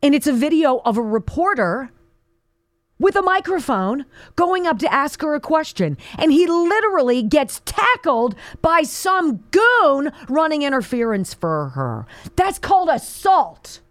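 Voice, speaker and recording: Fiery, lively-voiced woman radio host. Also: high-pitched, unhurried, dry recording. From Pennsylvania, US. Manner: indignant, fiery, sarcastic. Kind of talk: political talk radio monologue.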